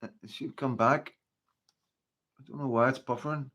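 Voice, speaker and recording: Heard through a muffled recording, a Northern Irish man with a mid-range, fairly bright voice hosts a relaxed livestream at normal speed with fairly even intonation. He greets viewers by name in a rambling, chatty way full of fillers like "you know" and "like."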